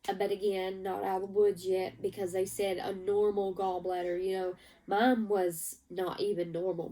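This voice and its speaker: Gravelly woman, emotional update. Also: medium pitch, warm tone, recorded from a distance, poor audio. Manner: emotional, rambling, teary at times. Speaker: vlogger. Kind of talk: casual personal update.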